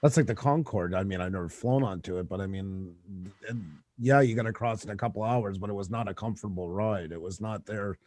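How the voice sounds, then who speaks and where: A man's voice: on the low side, brisk, darkish tone, no room sound. A man chatting casually on a podcast, making chatty comparisons. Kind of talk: casual chat.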